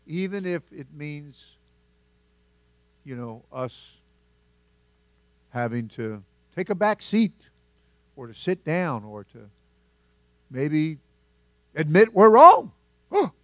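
Preaching pastor with a dry close sound. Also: male voice, mid-range voice, dry recording. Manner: conversational preaching with laughs and acted asides. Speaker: senior pastor. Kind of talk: sermon.

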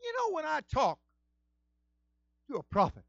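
A man voicing God as a stern male deity with a measured, solemn delivery, retelling scripture in a sermon. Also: very high-pitched, wildly swooping pitch, vocal fry, dry recording, muffled recording, voice pushed up, heavily acted.

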